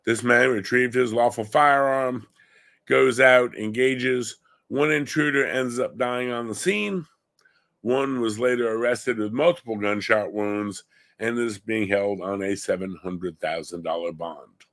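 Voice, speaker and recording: Speaking at a slightly slow pace in a medium-pitched, somewhat bright voice, this middle-aged Long Island, New York man runs a gun-focused show. His commentary is opinionated and indignant, building into heated emphasis.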